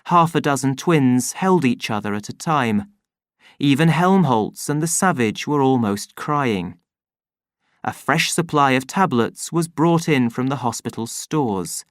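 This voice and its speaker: A man reading an audiobook as narrator, slow and expressive. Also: mid-range voice, dry recording, studio quality.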